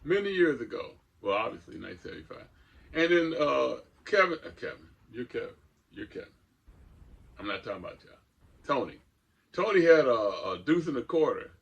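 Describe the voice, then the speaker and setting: A man's voice: medium pitch, big pitch swings, brisk, vocal fry, husky, dull audio. An older man, a co-host telling a rambling story in a casual chat. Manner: rambling, restarts often, chuckles through stories.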